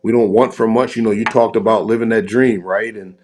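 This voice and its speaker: A man's voice: fairly low pitch, fairly even intonation, a little fast, a little mellow. A middle-aged man, a football coach guesting on a podcast, telling a story earnestly and repeating words as he goes.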